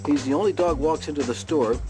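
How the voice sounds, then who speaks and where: A man teaching dog tricks in a plain, explaining way, with bursts of high, cheerful praise for the dog. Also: quick pace. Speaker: dog trainer. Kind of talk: instructional talk. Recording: music playing underneath.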